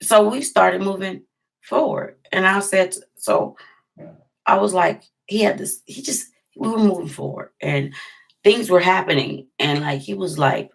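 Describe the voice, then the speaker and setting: A woman with a gravelly, creaky texture and a somewhat low voice. She tells a personal story to the camera in a casual, emphatic vlogging style and leans on repeated phrases to drive her points home. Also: unhurried.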